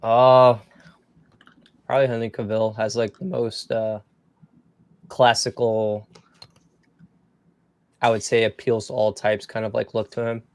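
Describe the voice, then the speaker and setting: A man's voice: mid-range voice, little pitch movement, measured pace, pauses often, dry recording. A man co-hosting a casual podcast, hesitant and filler-heavy, saying "like" and "um" often. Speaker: podcast co-host. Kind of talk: casual chat.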